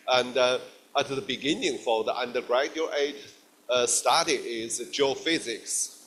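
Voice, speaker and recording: A middle-aged man from China with a Chinese accent, giving a guest lecture in halting English full of fillers and restarts. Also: mid-range voice, a bit bright.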